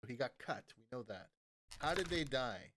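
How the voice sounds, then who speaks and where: A man's voice: mid-range voice, lively intonation, moderate pace, noisy background. A man thinking aloud and swearing as he streams a video game in casual commentary. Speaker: gaming streamer.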